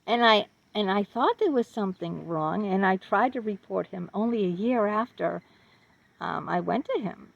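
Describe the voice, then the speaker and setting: A woman speaks earnestly about her own experience, often repeating words and asking the listener questions. Her voice has a gravelly edge, and the recording sounds dull and lo-fi. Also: medium pitch, lively intonation, normal speed, no room sound. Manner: laughs nervously between phrases. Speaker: vlogger sharing her experience. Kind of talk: personal testimony to camera. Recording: dull lo-fi audio.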